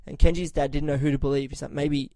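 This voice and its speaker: A fast-talking Australian man with a fairly high-pitched voice shares a story on a podcast, with no echo in the audio. The chat is casual but heavy on swearing, animated throughout, and loud whenever he quotes himself.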